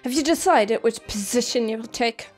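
A woman's voice: fairly high pitch, fairly quick, soft background music, natural voice. A woman voicing a haughty aristocratic male pigeon schoolboy with a clumsy put-on French accent in a game playthrough. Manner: imperious, disdainful, botched French accent. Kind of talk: fan voice acting in a game playthrough.

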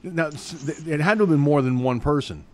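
A man's voice: fairly high pitch, fairly quick, a little mellow. Guy doing online news commentary, reads the story then rants and swears.

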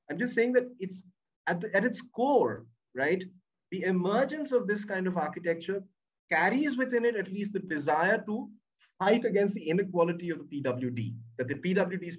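A man's voice: fairly high pitch, breathy edge. A man giving an academic webinar lecture. He reads passages aloud, comments on them, and often ends his points with "right?". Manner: tags statements with a questioning "right?". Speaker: academic presenter. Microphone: computer mic on a video call. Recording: muffled, distant webinar audio.

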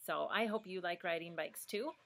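A woman's voice: fairly low pitch, moderate pace. A woman reading a picture book aloud to children, encouraging them and asking them questions. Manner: warm, encouraging, asks the listener questions.

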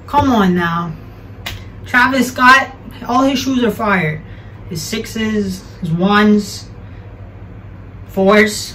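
A man's voice: high-pitched, a bit bright, far from the mic, slight background noise, rough recording. Chatty young man reviewing sneakers. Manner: chatty, self-correcting, slangy. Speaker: sneaker vlogger.

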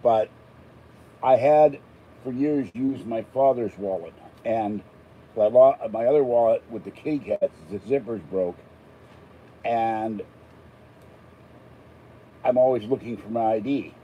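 A man's voice: mid-range voice, slow pace, long pauses, lo-fi sound, slight background noise. An older man from Pittsburgh, chatting casually and rambling between topics as he unboxes an item. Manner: chatty, digressive, self-deprecating asides. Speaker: unboxing vlogger.

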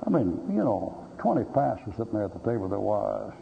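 Blunt, joking preacher on a dull old tape. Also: male voice, on the low side, very animated, quick pace, gravelly. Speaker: pastor. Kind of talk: sermon with folksy anecdotes. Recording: dull lo-fi recording with faint hiss.

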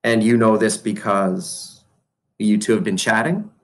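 A man's voice: on the low side, fairly even intonation, measured pace. A man reading aloud voices a skeptical, tired middle-aged father who speaks in a dry, doubtful way.

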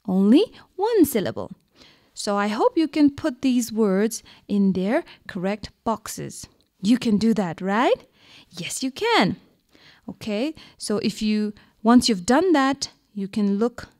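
A woman's voice: fairly high pitch, darkish tone. A woman teaching a radio lesson to young children, patient and coaxing, asking questions and answering them herself. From Bhutan.

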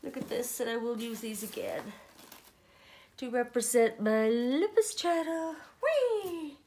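A woman chatting casually to viewers as she unboxes a doll parcel, gushing and excitable. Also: a little high, measured pace, reverberant. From Ireland. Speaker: doll collector vlogger.

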